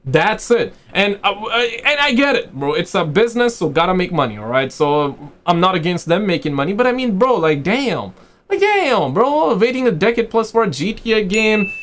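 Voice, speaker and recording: A man's voice: high-pitched, a little fast, hardly any pauses. Slangy, fired-up man ranting. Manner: animated, slangy, says "bro" constantly; mocking, exasperated rants. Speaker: gaming commentator. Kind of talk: reaction commentary.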